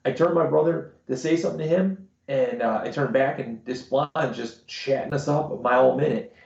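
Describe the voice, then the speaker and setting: Gravelly dark-voiced guy cussing through a bar story, echoey dull stream audio. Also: medium pitch, brisk. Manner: crude, swearing storyteller. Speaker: podcast co-host. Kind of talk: casual chat.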